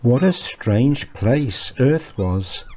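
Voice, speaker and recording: A man with an English accent reading a family story for church, gently and playfully, with chatty asides to the children. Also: medium pitch, big pitch swings, drawn-out words, muffled recording.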